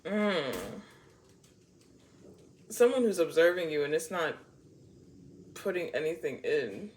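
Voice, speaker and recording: A woman's voice: low voice, lively intonation, slow, a little mellow, a little hiss or hum. A woman giving a casual tarot reading to camera, playful and blunt, swearing freely and laughing often. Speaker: tarot reader.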